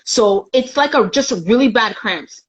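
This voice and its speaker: A woman's voice: fairly high pitch, measured pace, dull audio. A young adult woman from Canada, a guest in a live chat, telling a painful personal story candidly and acting out the voices of the people in it.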